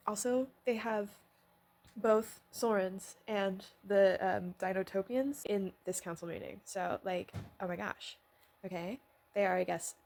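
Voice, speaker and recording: Woman vlogger, unfiltered and rambling, excitable casual recap delivery. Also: medium pitch. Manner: rambling, excitable, swears and laughs.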